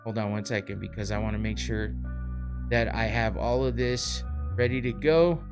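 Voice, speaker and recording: A man's voice: fairly low pitch, steady tone, normal speed, vocal fry, over music. A man hosting a podcast, ranting in a heated, profane way. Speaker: podcast host. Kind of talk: casual podcast rant.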